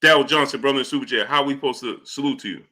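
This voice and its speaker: A man's voice: medium pitch, rapid-fire, bright, forceful tone. A middle-aged man hosting a live boxing talk stream, reading chat messages and repeating himself in exasperation. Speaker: boxing talk show host. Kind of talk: live-stream commentary reading super chats.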